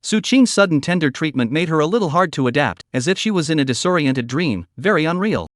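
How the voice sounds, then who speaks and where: A synthetic male narrator, reading a story recap in an even, machine-like way. His pitch sits a bit high for a man, and the sound is dry and close, with no room echo. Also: fairly quick.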